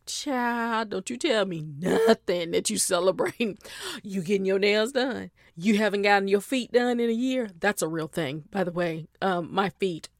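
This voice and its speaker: A woman's voice: medium pitch, normal speed, no room sound, clean studio sound. A middle-aged woman hosting a podcast, chatting in a playful, casual way straight to her listeners. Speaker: podcast host. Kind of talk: casual chat.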